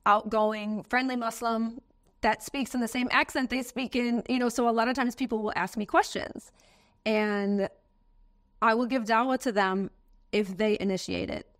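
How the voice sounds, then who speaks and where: A woman's voice: a little high, steady tone, moderate pace. An American woman in an interview, telling a personal story in an earnest, emotional way. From United States. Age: adult, has a daughter.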